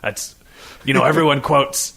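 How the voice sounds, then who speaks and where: A man, rambling deadpan through an improvised comedy podcast as the host in a father role. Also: medium pitch, moderate pace, vocal fry.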